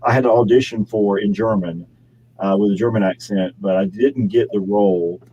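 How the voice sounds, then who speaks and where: A man's voice: lowish voice, steady tone, normal speed, warm tone, muffled recording, slight background noise. Chatty man telling rambling stories. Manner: rambling, chatty storytelling with frequent laughs. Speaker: actor and model, guest. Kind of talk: casual interview chat. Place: home studio.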